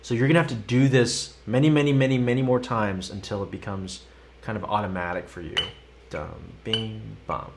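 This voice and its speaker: This fast-talking man has a mid-range voice and is teaching a drum lesson over a live stream. Between explanations he chants counts and stickings in a sing-song fashion while he demonstrates, against a noisy backdrop of a loud instrument and a metronome.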